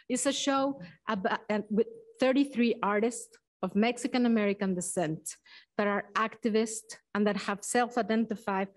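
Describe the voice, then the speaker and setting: Woman giving halting opening remarks. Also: fairly high pitch. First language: not English. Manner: halting, searching for words, many restarts. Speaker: exhibition co-curator. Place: museum event space.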